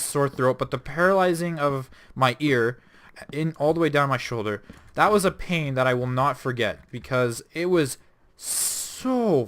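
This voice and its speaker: A man's voice: on the high side, fairly bright tone. A young man hosting a gaming channel, telling a rambling personal story with lots of swearing and self-corrections. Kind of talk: casual storytelling over gameplay.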